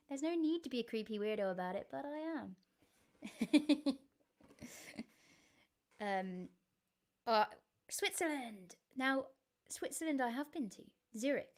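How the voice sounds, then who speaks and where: A woman, a singer-songwriter chatting casually to viewers on her live stream, giggly and easily sidetracked. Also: on the high side.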